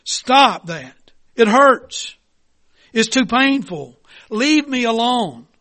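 A man's voice: expressive, drawn-out words, pushed and bright, exaggerated voice. A man voicing a frightened, pleading teacup. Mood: pleading, distressed. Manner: high, strained, crying out in distress. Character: pleading clay teacup being shaped, frightened.

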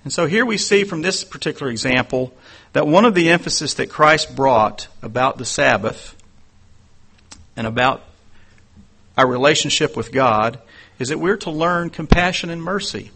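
A man preaching a sermon in an earnest, conversational way, telling personal stories and dropping into quieter asides. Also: a little high, slightly rough. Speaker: pastor.

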